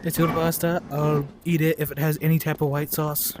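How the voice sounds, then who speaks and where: A man ranting casually and bluntly about food while playing a game, with quick asides and apologies. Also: on the high side, little pitch movement. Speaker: gameplay streamer. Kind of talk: casual rambling rant while gaming. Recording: noisy home recording.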